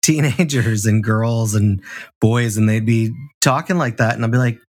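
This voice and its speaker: A man's voice: lowish voice, normal speed. A middle-aged man co-hosting a podcast, brash and profane, laughing often in casual chat. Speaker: podcast co-host.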